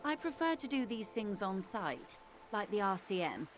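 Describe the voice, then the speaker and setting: This is video game voice work: a woman uses her natural, mid-range voice, very animated, with faint music behind her. Her character is a formal, poised negotiator in middle age, and the lines come out composed and measured with polished diction.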